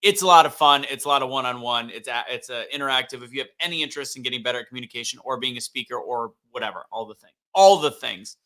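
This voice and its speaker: A man's voice: medium pitch, fast talker, few pauses, sharp tone. A man co-hosting a podcast who works as a speaking coach, plugging his workshop in an upbeat, promotional way. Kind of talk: casual chat, self-promotion.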